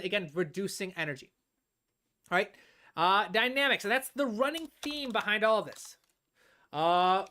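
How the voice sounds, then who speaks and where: Her voice is mid-range and a bit bright as she explains music composition step by step on a live stream. She frequently draws out words mid-thought and checks in with "all right?".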